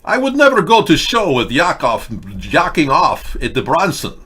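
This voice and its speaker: A man's voice: on the high side, big pitch swings, measured pace, a bit bright, husky, pitched above the performer's own voice, heavily acted. A man putting on a Russian accent, playing a boastful Russian voice artist in broken English. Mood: mocking. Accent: put-on Russian. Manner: broken grammar, theatrical.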